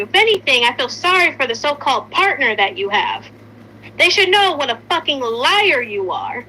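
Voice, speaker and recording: A young woman with a high, bright voice rants in heated casual commentary. She swears freely and sounds openly irritated, with a faint hum underneath. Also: big pitch swings, moderate pace, rough recording. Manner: angry, swears a lot, rants.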